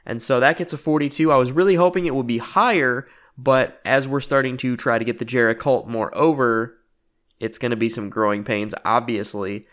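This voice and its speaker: A man's voice: mid-range voice, steady tone, fairly quick, fairly bright tone. A man giving casual, matter-of-fact commentary on a wrestling booking game, rating and judging each segment.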